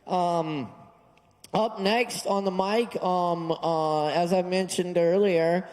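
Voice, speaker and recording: A man's voice: sits high, fairly even intonation, takes it slowly, a little mellow. A man hosting an open mic at a bar, laid-back and hesitant, full of fillers. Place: bar stage. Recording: live room with long reverb.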